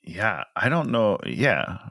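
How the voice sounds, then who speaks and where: A man's voice: lowish voice, sing-song, vocal fry, fairly bright tone, no room sound, clean studio sound. A man co-hosting a casual movie chat, joking wryly and laughing often. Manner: joking and wry, quick to laugh. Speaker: podcast co-host.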